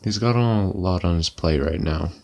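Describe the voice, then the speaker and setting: A tired, yawning man chatting on a casual live stream in a lazy, deadpan monotone. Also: normal speed, gravelly, dull audio. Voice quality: monotone delivery. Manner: lazy, low-energy, deadpan. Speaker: livestreamer. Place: at home, lying back comfortably.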